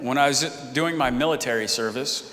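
A man's voice: medium pitch, fairly quick, a bit bright. A man who is a pastor, leading an earnest congregational prayer full of repeated phrases and fillers, then interpreting a guest preacher. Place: church sanctuary. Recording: reverberant church hall.

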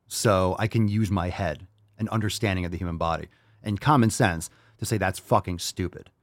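A man's voice: deep voice, normal speed, dry recording, clean studio sound. A man hosting a podcast, delivering a heated, profane opinion monologue with mocking asides. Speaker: podcast host.

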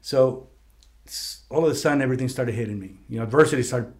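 A man hosting a casual talk, telling a personal story in a conference room, lively when he quotes other people. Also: mid-range voice, racing. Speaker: podcast host. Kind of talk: casual conversation. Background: heater running.

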